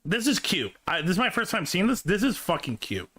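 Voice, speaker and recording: A man with a bright, ringing voice, fairly high for a man, reacting casually to a video. He sounds enthusiastic and swears freely as he comments. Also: big pitch swings, fairly quick.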